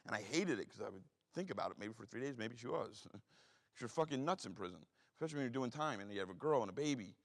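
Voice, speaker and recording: A man's voice: medium pitch, animated, creaky. A man in his forties with an East Coast accent, telling blunt, heavily profane stories as a guest speaker. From Philadelphia. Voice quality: blunt, heavily profane, rapid street talk. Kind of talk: storytelling talk. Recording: reverberant hall.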